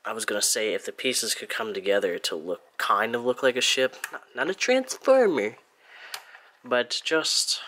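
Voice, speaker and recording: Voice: medium pitch, sing-song, normal speed, pushed and bright. A speaker from Germany giving a casual hands-on review of a toy figure, chatty and playful, with little sound effects along the way.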